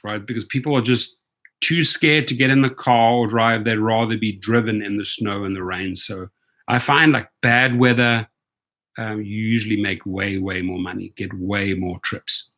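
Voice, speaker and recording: A man's voice: medium pitch, sharp tone. A man hosting a casual livestream, talking emphatically and asking rhetorical questions. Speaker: rideshare channel host.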